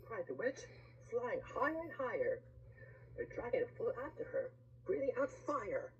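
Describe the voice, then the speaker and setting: Woman reading a storybook aloud, very sing-song, huge swings in pitch, faint room hum. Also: a little slow, low-quality recording. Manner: lively rhyming read-aloud with asides to the listener. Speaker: reader of a picture book. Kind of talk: reading a picture book aloud.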